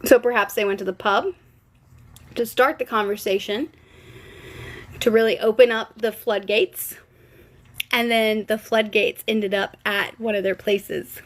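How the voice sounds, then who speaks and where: A woman's voice: mid-range voice, fairly even intonation, a little slow, long pauses. A young woman hosting a casual live stream, gossiping and speculating in a playful, cheeky way while answering comments from viewers. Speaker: livestream host.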